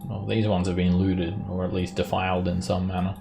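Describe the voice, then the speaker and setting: Man, dungeon master, low voice, gravelly, relaxed narration, soft music in background. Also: a little fast. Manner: relaxed, hesitant narration with fillers. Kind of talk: narrating a tabletop game.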